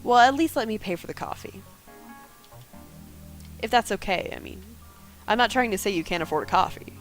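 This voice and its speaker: A woman's voice: mid-range voice, animated, moderate pace, faint music behind, lightly acted. A woman voicing a cheerful, talkative woman friend in her thirties, reading her lines in a game playthrough. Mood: chatty.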